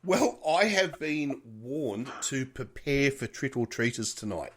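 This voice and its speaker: Lively chatty Australian man. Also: medium pitch. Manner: chatty, laughs often, quick to apologise. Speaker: podcast co-host. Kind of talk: casual chat over cocktails. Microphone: remote virtual studio setup.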